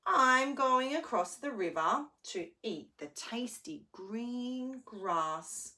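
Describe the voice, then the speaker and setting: A woman's voice: on the high side, animated, slow, bright, forceful tone, pitched above the performer's own voice, exaggerated voice. A woman voicing the smallest young billy goat in a storybook read-aloud, urgent and pleading.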